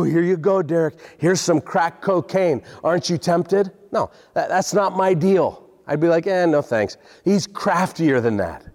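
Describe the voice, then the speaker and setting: A man's voice: a little high, a little mellow. A man in his forties preaching a sermon to a congregation, earnest, often repeating words as he builds his points. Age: 40s. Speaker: pastor. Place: large hall with congregation. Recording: long hall reverb.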